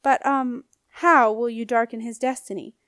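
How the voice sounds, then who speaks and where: A woman's voice: a little high, steady tone, normal speed, fairly bright tone, dry recording, studio quality. A woman reading an audiobook, voicing a nervous, resentful teenage boy who talks in a thin, faltering way. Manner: faltering, timid, then eager.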